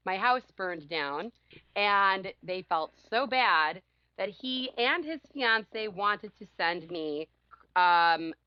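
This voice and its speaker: A woman's voice: fairly low pitch, clear, resonant tone, no room sound, dull audio. A woman co-hosting a podcast, telling a story in casual chat and laughing often as she acts out what others said. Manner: animated, laughs often, acts out quotes loudly. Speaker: podcast co-host.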